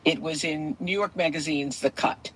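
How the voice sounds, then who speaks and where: A woman's voice: deep voice, normal speed, fairly bright tone, slightly rough, low-quality recording. A woman hosting a talk podcast who tells a story in a conversational way before bringing in her guest. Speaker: podcast host. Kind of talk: hosted talk show.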